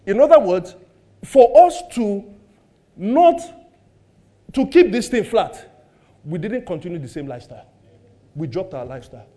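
A middle-aged Nigerian pastor preaching with a high, bright male voice. He talks in an animated way, fires questions at the congregation and jokes about his own home life. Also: moderate pace, long pauses. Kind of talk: sermon.

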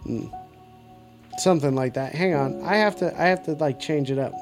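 A man's voice: fairly high pitch, fast, music in the background. A man hosting a casual call-in show, talking in a put-on cowboy drawl and playing it up for laughs. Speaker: host of a call-in stream. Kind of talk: casual live call-in chat.

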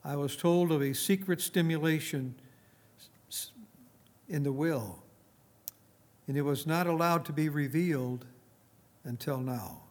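A preacher doing a persistent auctioneer. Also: male voice, on the high side, measured pace, long pauses, close to an everyday voice. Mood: solemn. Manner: calls out bids loudly. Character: persistent male auctioneer at an estate sale.

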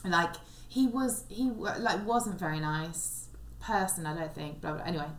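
On a podcast she co-hosts, a young female stand-up comedian chats casually and tells a long, rambling story full of restarts. She speaks at a moderate pace in a fairly low pitch, recorded in an echoey room with faint background noise.

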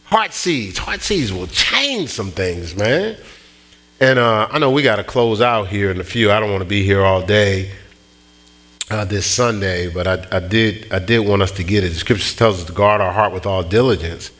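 A middle-aged man preaching a sermon, telling stories in an animated way with many restarts and repeats. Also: fairly low pitch, normal speed. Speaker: pastor.

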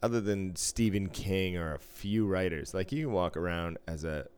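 A man's voice: sits low, moderate pace, a little mellow, clean tone. A man in casual chat, swearing freely and trading wisecracks. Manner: profane, wisecracking banter.

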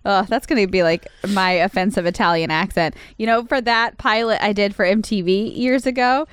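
A woman co-hosting a casual film podcast, animated and quick to laugh, with fast asides. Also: mid-range voice, clear, resonant tone, dry recording. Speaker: podcast co-host. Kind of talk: casual chat about films.

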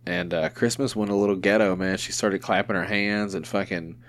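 A man's voice: sits low, fairly even intonation, normal speed, fairly bright tone. A man hosting a podcast in casual chat, joking around and swearing freely. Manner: profane, joking banter. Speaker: podcast host.

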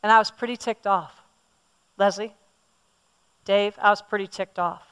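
A woman's voice: mid-range voice, fairly even intonation, measured pace, pauses often, fairly bright tone, clear, resonant tone. A woman preaching a sermon, speaking with emphasis, repeating words and asking her listeners questions. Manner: personal, emphatic, asks the audience questions.

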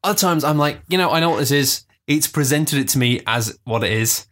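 Guy rambling on a podcast, ums and likes everywhere, jumps into silly voices. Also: a little high. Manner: animated, many fillers, quick voices for quotes. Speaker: podcast co-host. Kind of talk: casual chat. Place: indoors, seated close to co-host.

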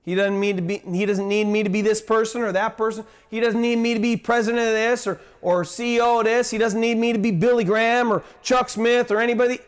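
A man preaching a sermon as a pastor. He is impassioned, repeats phrases for emphasis, asks rhetorical questions, and swings between loud declarations and quiet, dropped endings. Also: high voice, fairly even intonation, fast talker, few pauses, clear, resonant tone. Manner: impassioned, rising and dropping sharply in loudness.

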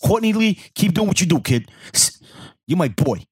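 Husky loud man ranting in casual chat. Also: high-pitched, very animated, moderate pace. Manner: loud, profane, mixes in Spanish slang. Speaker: podcast co-host.

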